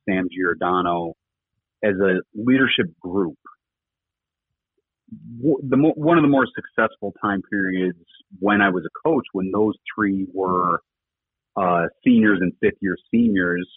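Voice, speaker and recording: Middle-aged ex-coach, low husky voice, earnest and rambling, heard over a thin phone line. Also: male voice, dry recording. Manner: earnest, rambling with many fillers. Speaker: former rugby coach, podcast guest. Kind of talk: casual conversational interview talk. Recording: tinny phone-line audio, dry.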